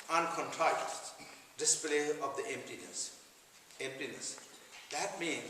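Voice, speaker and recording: A man with a Tibetan accent giving a meditation teaching, speaking in halting, repetitive phrases. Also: a little high, sharp tone, slight background noise. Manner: halting, repeats phrases, non-native English phrasing. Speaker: Buddhist teacher. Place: large retreat hall. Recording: echoey hall from far off.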